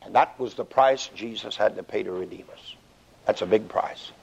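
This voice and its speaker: A man preaching a sermon, dramatic, swinging from hushed whispers to shouted peaks. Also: fairly low pitch, moderate pace, vocal fry, husky. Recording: dull lo-fi recording.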